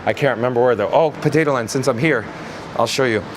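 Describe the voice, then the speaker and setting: A man's voice: mid-range voice, fast talker. A man hosting a live-stream tour of hotel hallways, chatting and reading viewer comments aloud. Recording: noisy handheld phone recording.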